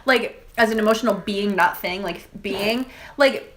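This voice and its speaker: A woman's voice: medium pitch, slight background noise. A young woman co-hosting a podcast in casual chat, rambling with lots of fillers. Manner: rambling, many "like" fillers, quick laughs. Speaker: podcast co-host.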